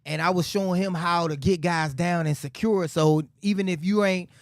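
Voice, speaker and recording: A man, a former football player, co-hosting a casual sports talk show and telling stories in an animated way. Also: normal speed, no echo, clean studio sound. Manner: animated storyteller, jumps high when quoting himself.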